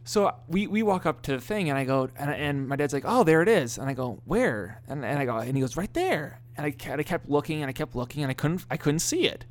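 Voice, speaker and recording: A man's voice: medium pitch, quick pace, few pauses. A man telling funny family stories in a casual podcast chat, laughing often and restarting his sentences. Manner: animated storyteller, laughs often, many restarts. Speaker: podcast co-host.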